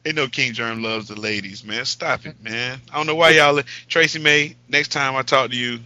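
A man from the United States co-hosting a podcast, telling jokes and stories in loud, casual banter. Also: mid-range voice, moderate pace, no echo, lo-fi sound. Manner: loud, joking, storytelling. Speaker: podcast co-host.

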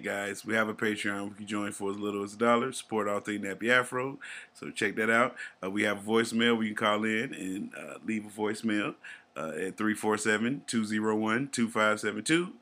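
A man's voice: mid-range voice, pushed and bright. A man with a Southern US accent co-hosting a podcast in a casual, laid-back, profane way. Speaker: podcast co-host.

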